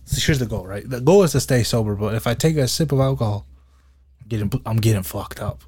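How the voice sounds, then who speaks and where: A man's voice: fairly low pitch, expressive, fast, darkish tone, breathy edge. Laid-back young man swearing casually. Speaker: podcast host. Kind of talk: casual chat.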